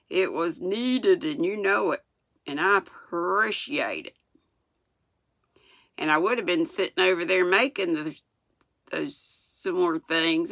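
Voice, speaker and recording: Reading a storybook to her viewers in a casual way, this channel host is an older woman from North Carolina with a Southern US accent who chats folksily and laughs along. Her voice sits on the low side and sounds a bit bright, captured dry with clean studio quality.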